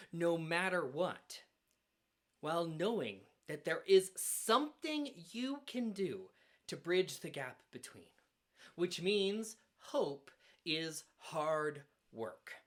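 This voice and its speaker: A male minister giving a sermon at a church, earnest and measured, with dramatic pauses. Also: a little high, a bit bright. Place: church sanctuary.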